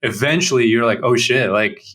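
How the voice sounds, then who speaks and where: Male host, casual and chatty, mid-pitched, loose conversational delivery. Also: normal speed. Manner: relaxed, chatty, casual swearing. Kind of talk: conversational interview.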